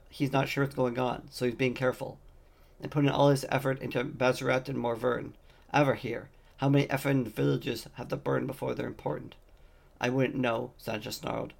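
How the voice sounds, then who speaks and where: A man's voice: mid-range voice, creaky, husky. A man reading a fantasy novel aloud, voicing the dialogue lightly in his own voice. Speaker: audiobook reader.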